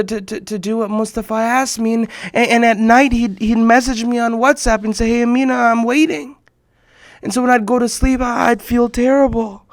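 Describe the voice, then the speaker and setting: A young man telling children a story in an animated, excitable way, often repeating words as he gets worked up. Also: extremely high pitch, dry recording, clean studio sound.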